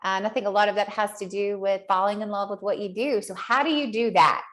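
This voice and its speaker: A woman's voice: mid-range voice, steady tone, fairly quick, a bit bright. A woman hosting a podcast, recapping an interview in an upbeat, encouraging, chatty way. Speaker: podcast host.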